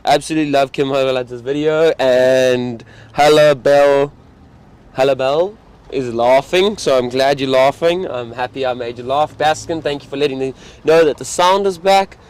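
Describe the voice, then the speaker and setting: A man's voice: medium pitch, moderate pace, a little mellow, clear, resonant tone. A man with a South African accent, a safari guide chatting casually on a live stream from an open vehicle and reading out viewer comments.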